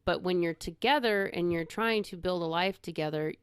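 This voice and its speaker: Female co-host, smooth lower voice, dry close mic, measured explainer. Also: no echo. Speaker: podcast co-host with her husband. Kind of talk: casual chat.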